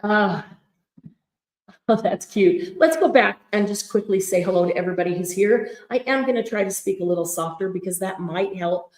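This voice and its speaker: A chatty, excitable woman hosts a live craft sale and calls out hellos to viewers by name. Her voice sits at an ordinary pitch for a woman. It carries the echo of a big room and sounds muffled, as if through cloth over the mic. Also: normal speed. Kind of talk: live-stream chat. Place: large echoey event room at a craft retreat. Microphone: fixed room mic draped with fabric.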